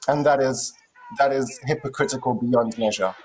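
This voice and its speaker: An indignant co-host speaks forcefully in live-stream commentary. The voice is medium in pitch. A faint background hum runs underneath. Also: normal speed, low-quality recording. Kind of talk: impassioned commentary.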